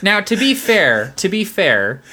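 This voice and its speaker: Bright-voiced joking podcast co-host, a man. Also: sits high, very animated. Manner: joking, quick to laugh, plays along with gags. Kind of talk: casual chat.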